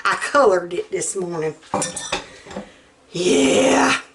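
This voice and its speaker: A woman's voice: lowish voice, animated, drawn-out words, very noisy. A middle-aged woman, chatting in a folksy, rambling way while showing a recipe in her home kitchen. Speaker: home cook host. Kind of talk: casual cooking demonstration.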